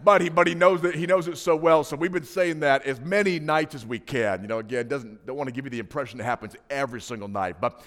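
A man's voice: medium pitch, quick pace, few pauses, fairly bright tone. A man in his thirties, a pastor giving a sermon, telling personal stories in a conversational way with asides to the congregation. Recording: preaching in a reverberant hall.

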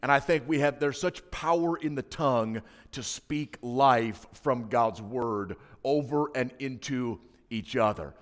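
A man's voice: mid-range voice, a little slow, few pauses. A man in his thirties, a pastor giving a sermon, telling personal stories in a conversational way with asides to the congregation. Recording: preaching in a reverberant hall.

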